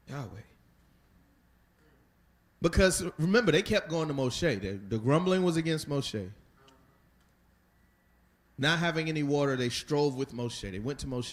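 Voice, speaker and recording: A man's voice: on the high side, animated, measured pace, long pauses. A man leading a Bible study lesson, talking conversationally and putting rhetorical questions to his listeners. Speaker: Bible teacher.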